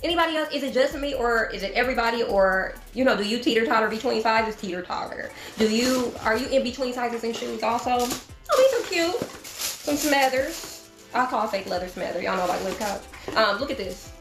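A woman's voice: a little high, a little fast, reverberant, over music. A middle-aged woman chatting casually to her viewers in a shopping haul video, talking to them directly as y'all. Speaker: vlogger.

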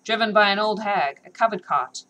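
A woman voicing a breathless, alarmed male guard captain who shouts his news in a read-aloud story. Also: mid-range voice, moderate pace, a little hiss or hum, voice pushed up, natural voice, poor audio. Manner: urgent, shouting.

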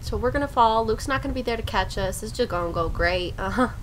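A woman's voice: on the high side, fast, a little hiss or hum. A young woman casually commentating a story game she plays, chatty, swearing a lot and laughing often. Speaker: gaming streamer. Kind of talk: casual let's play commentary.

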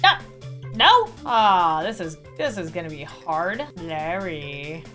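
A young woman hosts a gaming video with a bright, sharp voice that swoops all over its range. She hams it up, swinging from loud squeals to low, creepy murmurs as she plays a clingy old friend. Faint game music sits behind her. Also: sing-song, takes it slowly. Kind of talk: let's-play commentary.

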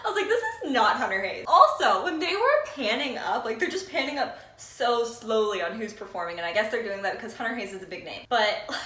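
A woman vlogger giving a casual, gossipy recap of a reality show, with quick asides and laughs. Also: fairly high pitch, sing-song, a bit bright. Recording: roomy echo.

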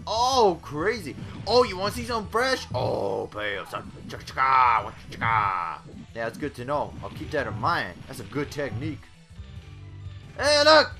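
A man giving brash, profane let's-play commentary full of excited yelps and outbursts. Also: sits high. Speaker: gaming YouTuber.

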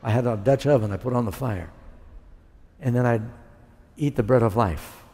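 Delivered at normal speed in a dark, mid-range voice, a man's testimony sermon echoes with a big-room sound. He tells his life story and voices the things he once said.

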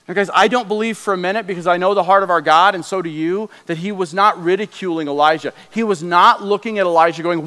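A man preaching a sermon as pastor, conversational and animated, dropping to a hushed tone in prayer. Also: high-pitched, fast, few pauses. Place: church sanctuary. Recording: long hall reverb.

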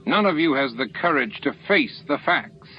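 A man's voice: fairly high pitch, animated, normal speed, pitched above the performer's own voice, natural voice. A man voicing a scornful, sneering shapeshifter constable, on a lo-fi recording with faint hiss.

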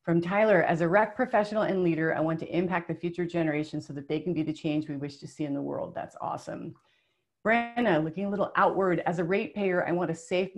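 A woman hosting an online workshop over a video call, reading out what participants wrote. Her voice sits a bit low, and she talks in an upbeat, emotional, chatty way with plenty of fillers. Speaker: webinar presenter.

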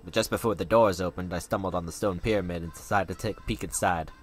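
Earnest southern cowboy, homespun drawl, a bit low, as a man voices him. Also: fairly even intonation, fast talker, soft background music, lightly acted. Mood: folksy. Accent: Southern US drawl put on. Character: folksy middle-aged cowboy man, earnest. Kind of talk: fan voice-over of a game.

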